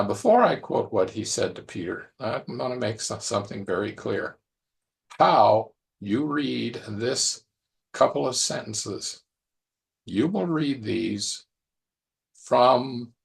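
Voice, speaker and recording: A man's voice: medium pitch, gravelly. A man preaching a conversational sermon, musing aloud and repeating phrases as he reflects.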